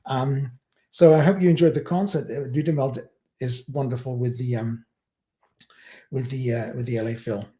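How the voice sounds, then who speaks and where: A man's voice: medium pitch, steady tone, normal speed, mellow. A man hosting a casual livestream chat, telling rambling stories and chuckling as he talks. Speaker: livestream host.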